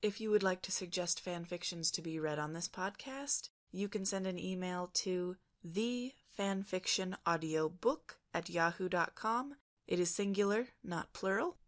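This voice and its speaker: A woman podcast host reading fan fiction aloud in a calm, even storytelling manner. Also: on the low side, a little slow. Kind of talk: audiobook narration.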